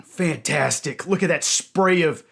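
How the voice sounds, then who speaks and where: A man hosting a music video reaction, talking to his audience and breaking into loud cries of dismay and delight. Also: a little high, unhurried, gravelly. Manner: addresses audience as ladies and gentlemen.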